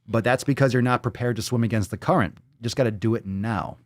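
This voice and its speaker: A man's voice: mid-range voice, fast talker, no room sound, studio quality. A man hosting a live stream, ranting profanely and mocking what he reads aloud. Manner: hypes the audience with shouted calls. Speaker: show host.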